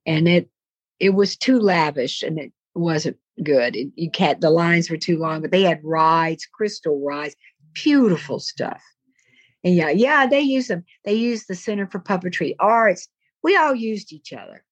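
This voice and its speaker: A woman's voice: fairly low pitch, lively intonation, measured pace, no echo. An older woman with a Southern US accent, a voice-over actress telling rambling stories full of asides in a casual interview. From American South. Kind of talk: casual anecdotal interview talk.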